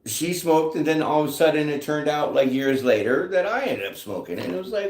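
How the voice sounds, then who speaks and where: Chatty man with a lively, echoing voice. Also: on the high side, brisk, hardly any pauses. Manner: chatty and joking, reads out viewer comments. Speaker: tarot reader hosting a live chat. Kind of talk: casual live-stream talk. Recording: echoey room.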